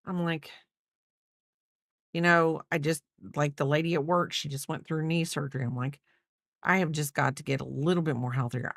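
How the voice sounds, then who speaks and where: A woman's voice: low voice, no echo, studio quality. A woman in her fifties chatting casually while crocheting on a livestream, rambling and thinking aloud with lots of fillers. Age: 50s.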